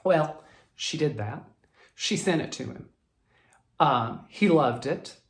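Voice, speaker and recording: A flosstube host telling a viewer's story in a chatty, animated way and reading from viewer emails. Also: mid-range voice, slow pace. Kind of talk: casual storytelling vlog. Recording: roomy echo.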